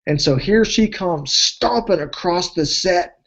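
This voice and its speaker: A man presenting a weight-loss program, telling testimonial stories in an animated way, his voice leaping high when he gets excited. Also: measured pace, highs cut off, a little hiss or hum. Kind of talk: testimonial storytelling speech.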